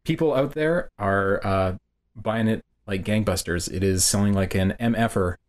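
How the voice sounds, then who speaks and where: Low-voiced, dry-spoken man reviewer. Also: a little slow. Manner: dry, matter-of-fact, blunt opinions. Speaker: game reviewer and podcast co-host. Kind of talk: casual chat.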